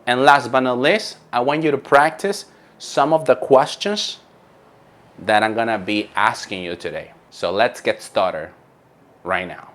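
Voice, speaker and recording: A man's voice: mid-range voice, measured pace, fairly bright tone. A man who trains call center agents, giving an emphatic coaching lesson and repeating key points.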